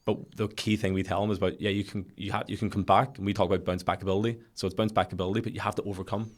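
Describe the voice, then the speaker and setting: Northern irish guy, fast talker, lowish voice, chatty storyteller. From Northern Ireland. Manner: animated storyteller, quick and chatty with frequent laughs. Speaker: podcast guest, football coach. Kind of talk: casual chat, storytelling.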